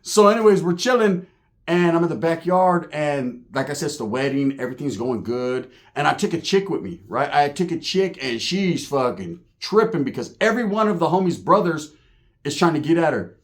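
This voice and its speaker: A man telling a profane, animated story in stand-up style, acting out the other people in it. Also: a little high, moderate pace. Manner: animated, profane, acts out voices. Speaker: stand-up comedian.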